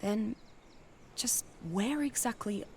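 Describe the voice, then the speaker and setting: An actress playing a proud, educated woman stranded on an island in an animated series, speaking with indignant distrust. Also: a little high, slow, husky, heavily acted. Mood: distrustful. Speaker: character in an animated series clip.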